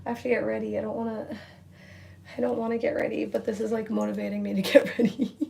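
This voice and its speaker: A woman's voice: fairly high pitch, little pitch movement, fast, vocal fry, warm tone. A young woman livestreaming from home, rambling casually, repeating words and reading viewer comments aloud. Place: at home indoors, near a window.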